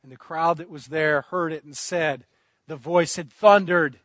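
Impassioned high-voiced male preacher. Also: a little slow, fairly bright tone, dry recording, clean studio sound. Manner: impassioned, rising and falling emphasis with repeated phrases. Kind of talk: sermon.

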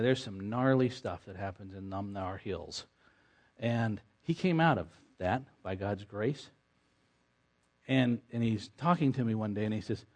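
A man preaching a sermon, swinging between quiet, low passages and forceful, emphatic stretches, and ending in prayer.

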